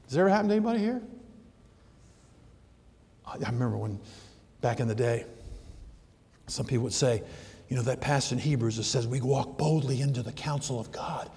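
An older man delivers a sermon in an easy, storytelling way, with a voice sitting a little high for a man. He acts out the quotes and now and then breaks into a sudden shout. The sound rings with the long reverb of a large hall. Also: animated, moderate pace, long pauses. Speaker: pastor.

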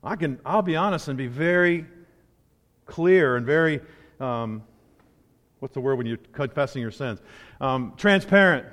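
A man's voice: medium pitch, animated, unhurried, pauses often, fairly bright tone. A man preaching a sermon in a conversational, storytelling way, with asides, in a church sanctuary with a long hall echo.

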